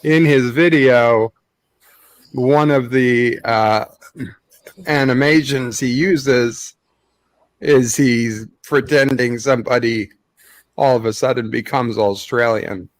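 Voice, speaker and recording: A man talks in a casual stream chat. He speaks very slowly and stops for frequent ums and uhs. His pitch sits in the middle range. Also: no echo. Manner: slow, halting, with many ums and uhs.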